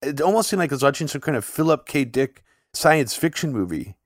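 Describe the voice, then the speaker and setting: A man co-hosting a podcast, talking in long casual runs full of "like" fillers and getting animated when something shocks him. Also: on the high side, fairly quick, no echo, studio quality. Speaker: podcast co-host. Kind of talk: casual conversational podcast chat.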